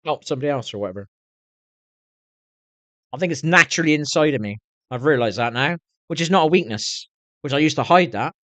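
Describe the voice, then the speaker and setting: A man's voice: fairly high pitch, lively intonation, a little fast, pauses often, fairly bright tone, dry recording. A middle-aged man chatting to his viewers on a live stream, swearing constantly and rambling on in a candid way. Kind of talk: casual rambling chat to viewers.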